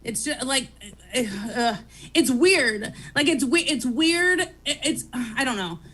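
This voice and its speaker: A woman comedian chatting loudly and excitably, rambling fast and shouting a lot. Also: high voice, breathy edge. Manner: loud, excitable, rapid rambling. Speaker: comedian guest. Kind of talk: casual chat.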